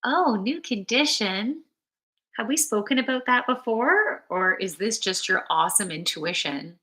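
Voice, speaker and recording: A woman giving a relaxed, rambling card reading on a live stream, answering viewers' chat and yawning now and then. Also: medium pitch, unhurried, roomy sound. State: sleepy, yawning. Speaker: spiritual card reader and yoga teacher.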